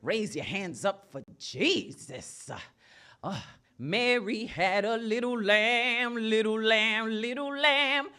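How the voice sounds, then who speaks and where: A woman's voice: a little high, expressive, pushed and bright, voice pushed up, exaggerated voice. A woman playing a cheerful street preacher who teaches children through nursery rhymes. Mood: preachy. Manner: slow, sing-song preaching.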